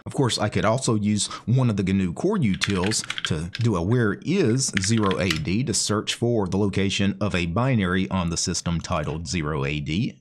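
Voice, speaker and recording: Male channel host, slightly low voice, casual step-by-step tutorial talk with "you know" and "right?". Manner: explains step by step while typing commands. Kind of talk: casual screen-share tutorial.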